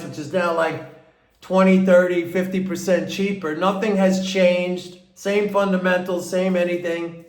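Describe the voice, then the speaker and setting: A man giving an unhurried, rambling market commentary, often restarting his sentences. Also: high-pitched, flat delivery, vocal fry, roomy sound. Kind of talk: casual market commentary monologue.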